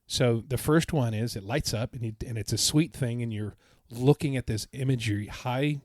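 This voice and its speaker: Guy on a podcast gushing about his trip, rambly and excited, dry sound. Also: medium pitch, moderate pace, no echo. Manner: enthusiastic, rambling storytelling. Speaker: podcast co-host. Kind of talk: casual chat.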